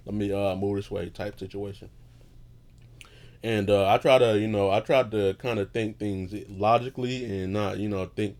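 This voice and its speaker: A man's voice: fairly low pitch, brisk, a little mellow. A man hosting his own show, talking in a loose, profane, meandering monologue that keeps losing its thread, recorded while lying in bed at home. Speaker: podcast host. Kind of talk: casual rambling monologue.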